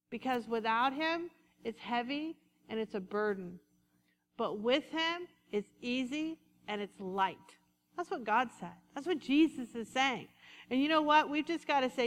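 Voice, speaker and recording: Woman preacher, lively and conversational; high voice in a reverberant hall. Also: a little slow. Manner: animated, conversational preaching with acted-out asides. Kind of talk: sermon.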